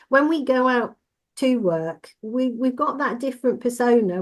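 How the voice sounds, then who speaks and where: A woman who trains driving instructors, talking in a measured, reassuring and explanatory way in a casual podcast discussion. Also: fairly high pitch, a little mellow.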